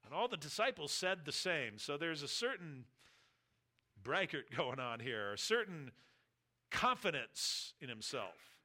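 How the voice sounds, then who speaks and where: A man's voice: a little high, very animated, unhurried, bright, forceful tone. A middle-aged man preaching an expository sermon, reading scripture aloud and acting out the speakers' words.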